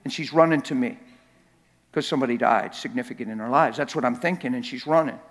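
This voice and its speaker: A man preaching a sermon with emphatic repetition, joking with the congregation and building to shouts. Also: medium pitch, fast talker. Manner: emphatic, repeats words for effect, rises to shouting at climaxes; jokes with the crowd. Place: church hall. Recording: long reverb in a big church hall.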